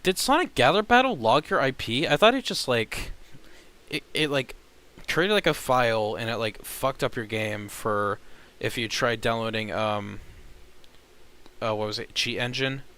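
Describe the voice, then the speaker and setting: A man's voice: medium pitch, lively intonation, a little slow, sharp tone, clean tone. A man chatting casually on a live stream, rambling between topics with frequent swearing and laughter.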